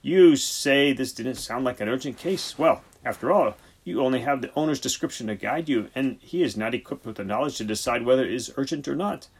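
A man voicing a preachy, husky senior vet. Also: mid-range voice, a little fast, few pauses. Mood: lecturing. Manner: brusque, preachy, theatrical. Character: exasperated, lecturing senior country vet, man. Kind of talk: audiobook character voice.

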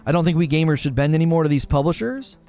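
A man's voice: on the high side, lively intonation, fast, mellow, soft background music. A man arguing and talking through a live stream, full of rhetorical questions.

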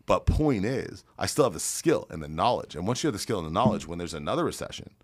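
A man's voice: low voice, big pitch swings, fast talker, dry recording. A man guesting on a podcast as a real estate investor, telling brash, boastful stories full of swearing. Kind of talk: profane storytelling on a podcast.

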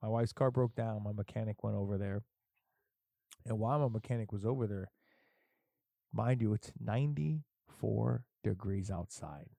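A man's voice: fairly low pitch, moderate pace, creaky, warm tone, no echo. A middle-aged man telling stories in casual, profane chat, as a podcast host. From Puerto Rico heritage. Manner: profane, storytelling, emphatic.

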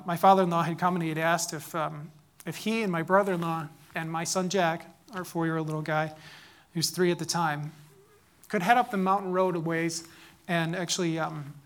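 A man in his thirties telling a personal story, growing loud and urgent as it builds. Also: on the high side.

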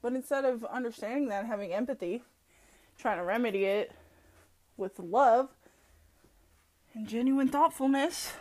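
A woman hosting a solo podcast, ranting bluntly with heavy swearing, laughing often and mocking people as she tells stories. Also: a little high. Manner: mocking, animated storytelling. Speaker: podcast host. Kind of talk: profane solo podcast rant.

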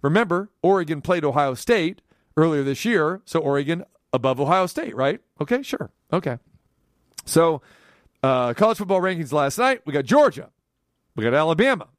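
A man hosting a sports talk radio show, telling a story in an animated monologue, his voice climbing sharply when he gets riled up. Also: on the high side, normal speed, no echo, studio quality.

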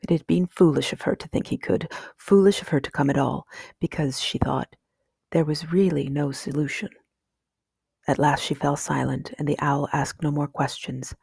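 A woman reading a children's novel aloud in calm, measured audiobook narration. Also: deep voice, vocal fry, breathy edge, no room sound, studio quality. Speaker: reader.

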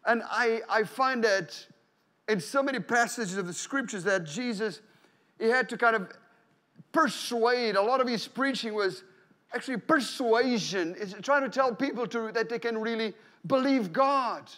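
A man with a high, light voice preaching a sermon. He talks to the congregation in an easy, conversational way, doubling back on words as he goes, and now and then he lifts into loud exclamations of praise. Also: normal speed. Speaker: pastor.

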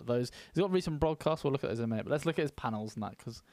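A man's voice: mid-range voice, expressive, very fast, a little mellow, no room sound. A man hosting a casual streaming podcast chat, rambling along with fillers and restarts. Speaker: podcast host.

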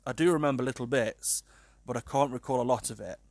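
A British man in his thirties tells a personal story in a loose, rambling, self-deprecating way, dotted with fillers and asides. His pitch sits in a middling range, and the recording is close and dry with no room sound. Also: brisk, darkish tone, no echo. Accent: British English.

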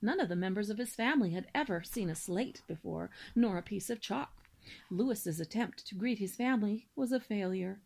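A woman reading a children's novel aloud in a steady storybook manner, with small slips now and then. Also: medium pitch, moderate pace, gravelly. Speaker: reader.

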